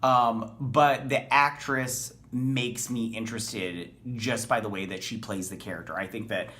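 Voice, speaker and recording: A man's voice: lowish voice, steady tone, unhurried, bright, forceful tone, slight background noise. A man hosting a casual TV episode review, talking in a rambling, enthusiastic way with many ums and uhs. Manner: rambling, filler-heavy, enthusiastic. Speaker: TV show reviewer.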